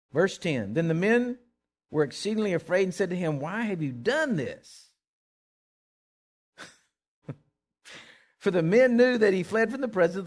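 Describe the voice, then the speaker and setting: High-voiced man preaching casually. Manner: conversational, animated, repeats words when excited. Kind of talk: sermon.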